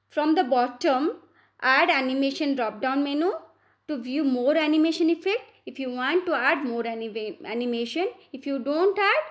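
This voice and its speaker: A woman teacher with an Indian English accent, walking students through slides in a patient classroom lesson, repeating points and checking in with "right?". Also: high voice.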